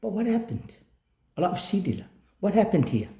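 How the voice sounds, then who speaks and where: Man, motivational storyteller, mellow slightly high voice, roomy echo. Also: brisk. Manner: animated, switches between English and Samoan, acts out quotes.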